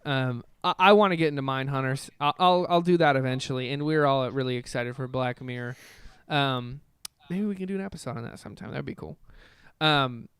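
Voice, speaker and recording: A man's voice: mid-range voice, brisk, fairly bright tone, smooth, dry recording. A man hosting a podcast in casual chat, upbeat and chatty, tripping over his words now and then. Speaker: podcast host.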